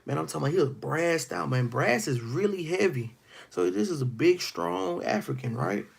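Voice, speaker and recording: A man leads a Bible study in a gravelly, husky voice. He reads a passage aloud and then retells it in casual street slang. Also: fairly high pitch, lively intonation, moderate pace. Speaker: Bible teacher.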